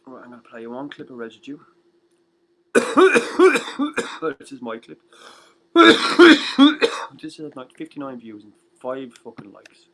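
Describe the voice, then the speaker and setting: A tired man hosting a livestream music show, rambling and ranting with constant swearing, swinging between loud outbursts and muttered asides. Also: on the high side, wildly swooping pitch, slow, pauses often, rough recording.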